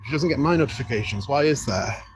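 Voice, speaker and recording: A man chatting casually on a livestream outdoors beside an apartment building, rambling and repeating himself insistently with halting restarts. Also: mid-range voice, lively intonation, background noise.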